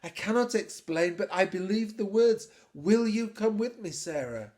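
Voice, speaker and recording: A man voicing a gentle, patient middle-aged man speaking earnestly. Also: high-pitched, animated, unhurried, pitched above the performer's own voice.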